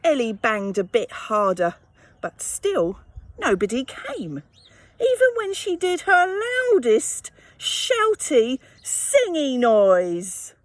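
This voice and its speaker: A woman reading a children's picture book aloud, gently expressive and adding sympathetic asides. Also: fairly high pitch, slow, no room sound. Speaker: storyteller.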